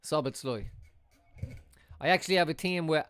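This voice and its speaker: Young male streamer, live watchalong commentary, voice sits a touch high, dry room, excitable with sudden shouts and swearing. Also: moderate pace, pauses often, smooth, no echo. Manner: excitable, swears, jumps to loud outbursts. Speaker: fan streamer.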